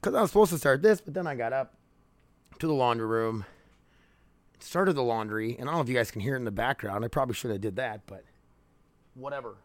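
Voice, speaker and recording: A man's voice: medium pitch, animated, fast talker, pauses often, no room sound. A young man hosting his own podcast from home, rambling candidly with plenty of swearing. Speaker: podcast host. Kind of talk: casual solo podcast monologue. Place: home, near laundry room. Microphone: podcast microphone.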